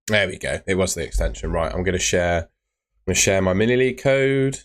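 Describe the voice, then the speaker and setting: A man's voice: low-pitched, expressive, a little fast. A man hosting a casual live stream, chatting loosely with filler words as he reads out viewer comments. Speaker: host of a fantasy football live stream.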